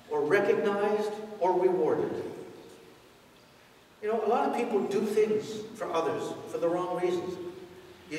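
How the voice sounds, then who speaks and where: A man's voice: high voice, darkish tone. A man preaching a sermon in a conversational way, asking his congregation rhetorical questions. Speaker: priest. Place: large church. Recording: echoey church from far off.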